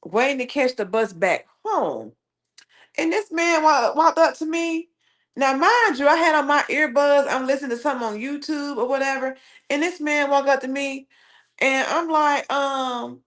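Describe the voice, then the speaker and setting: Sassy Southern woman chatting on a live stream. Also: high voice. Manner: sassy, animated storyteller. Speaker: livestream host. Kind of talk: casual livestream chat, reading viewer comments.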